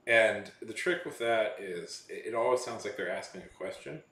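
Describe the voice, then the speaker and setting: Guy rambling to his viewers, keeps restarting sentences, kinda low voice, roomy echo. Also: moderate pace, few pauses, fairly bright tone. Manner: meandering, many false starts and self-corrections. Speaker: vlogger. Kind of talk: rambling casual chat. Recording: echoey room.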